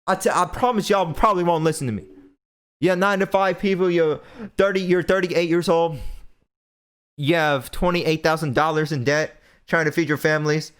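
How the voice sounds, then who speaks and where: A man's voice: a little high, normal speed, fairly bright tone, clean tone. A young man hosting a podcast, delivering an impassioned, preachy rant and repeating phrases for emphasis. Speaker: podcast host.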